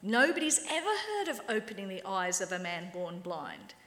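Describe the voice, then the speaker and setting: A woman's voice: medium pitch, normal speed, a little hiss or hum. Wry woman preaching in echoey hall. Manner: lively, wry, acts out quoted voices. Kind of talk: sermon. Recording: echoey hall with long reverb.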